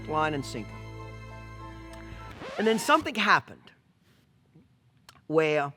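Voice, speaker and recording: A horse trainer tells a story straight to camera, blunt and profane, leaning on rhetorical questions. His voice is forceful and edged, a touch high for a man. Soft music sits faintly underneath. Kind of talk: storytelling vlog.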